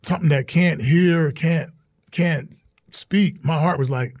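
Speaking slightly slowly in a slightly high voice, a middle-aged ex-pro football player earnestly tells stories in a casual interview. He acts out the voices of those he quotes, and there's no echo on the recording.

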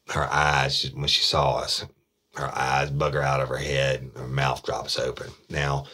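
Very deep, husky man telling a story. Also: a bit bright. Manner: blunt, plain-spoken, swears freely. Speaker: podcast host, former police detective. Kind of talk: casual true-crime storytelling.

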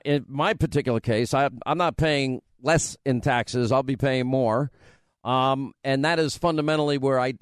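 Guy doing talk radio in a studio, fast and punchy, smooth voice, dry sound. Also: medium pitch, dry recording. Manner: brisk, emphatic, jokey with staff. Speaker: radio talk show host.

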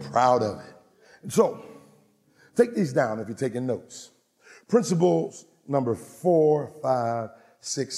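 A man preaching a sermon with fervor, shouting repeated refrains and calling out to his congregation. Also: medium pitch, big-room sound. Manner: fervent preaching, shouting refrains, call-and-response. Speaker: pastor.

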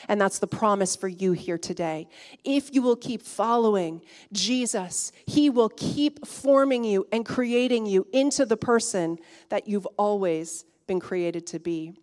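A woman pastor preaching a sermon, swinging from hushed, intimate lines to emphatic, rising ones. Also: mid-range voice, unhurried.

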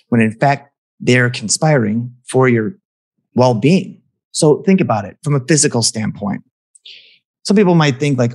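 A man talking as a guest in an earnest, reflective conversation, restarting phrases as he thinks aloud. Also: mid-range voice.

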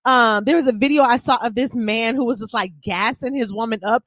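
A woman co-hosting a casual chat, expressive and full of loud, hyped-up mimicry. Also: fairly high pitch, brisk, no echo, clean studio sound.

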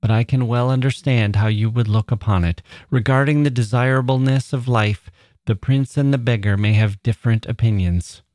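A man voicing a frail, proud woman writer who speaks humbly and gently but will not yield. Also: medium pitch, steady tone, moderate pace, no echo, clean studio sound, close to an everyday voice. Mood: gentle, earnest.

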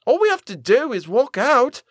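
A man's voice: very high-pitched, big pitch swings, moderate pace, no room sound, studio quality, voice pushed up, full character voice. A man voicing a defiant, petulant young woman who wants to walk out of a grim workroom. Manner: petulant, fiery.

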